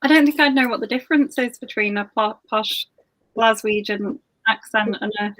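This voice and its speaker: A woman leads a casual interview, friendly and a little tentative in her questions. Her voice is quite high. The sound is close and dry, with no room around it. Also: normal speed, a bit bright, dry recording. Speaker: book club interviewer. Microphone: video call.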